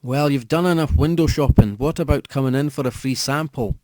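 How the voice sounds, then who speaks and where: A scheming young woman who coaxes and teases, pitched well above the reader's own voice, as a male narrator puts her on. The tone stays mellow and warm, in a dry, close recording. She sounds coy and calculating. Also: brisk, no room sound, natural voice. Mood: coaxing. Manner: coaxing, calculating, teasing.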